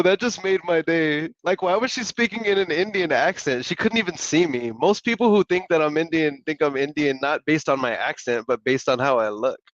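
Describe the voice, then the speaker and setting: A young adult man hosting a live stream, talking in a slangy, excitable way and laughing often. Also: a little high, dry recording. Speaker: live-stream host making real estate calls. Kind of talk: casual live-stream chat. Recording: dull lo-fi dry sound.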